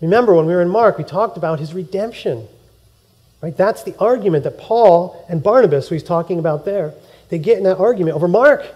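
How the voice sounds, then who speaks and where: A male pastor giving a sermon in a church, telling the story in a lively way, acting out quotes and laughing along. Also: high voice, fairly quick, highs cut off.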